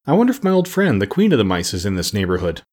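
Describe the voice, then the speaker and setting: A man voicing a gentle, kind-hearted male tin man who speaks courteously. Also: on the low side, huge pitch swings, racing.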